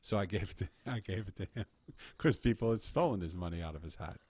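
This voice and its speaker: A man's voice: low voice, lively intonation, quick pace, a little mellow, husky, dry recording. A man earnestly telling a personal story in conversation, often restarting his phrases. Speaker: podcast guest telling a story.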